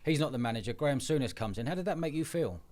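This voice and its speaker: A man's voice: mid-range voice, expressive, racing, a crowd in the background. A man co-hosting a casual chat, asking questions and reacting eagerly.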